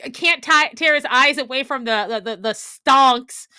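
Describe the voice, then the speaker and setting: A woman's voice: sits high, moderate pace, bright, forceful tone, clean tone, no room sound, studio quality. A woman playing a tabletop game in character as a radio host, frantic, flustered and dramatic.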